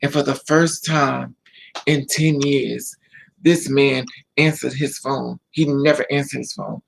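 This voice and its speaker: With a steady, mid-range voice and vocal fry, a vlogger slowly relates a personal story to the camera, circling back over points and quoting the people involved with emotion. The low-quality recording carries slight background noise.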